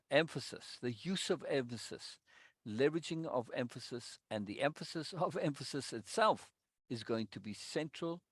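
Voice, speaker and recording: A man's voice: medium pitch, no room sound, studio quality. A man leading a live online teaching session, affirming students and repeating key points for stress. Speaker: course leader.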